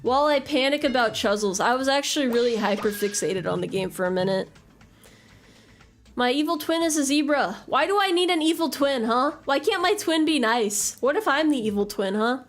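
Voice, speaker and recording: A woman game streamer in casual chat with her viewers, rambling and swearing casually as she answers their messages. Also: sits high.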